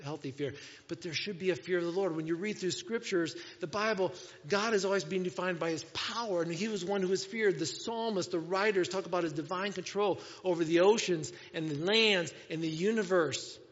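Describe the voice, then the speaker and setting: A high-pitched male pastor preaches emphatically, firing rhetorical questions and swinging from a hush to sudden loud bursts. His voice rings with a long reverb through a church hall, and the recording sounds dull and lo-fi. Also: a little fast. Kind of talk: sermon.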